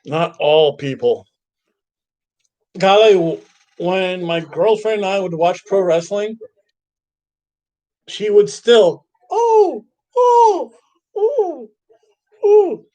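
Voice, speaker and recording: Man, high voice, unhurried, rambling podcast host, casual chat, self-correcting. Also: darkish tone, low-quality recording. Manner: rambling, thinks aloud, restarts sentences. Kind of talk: casual wrestling review chat.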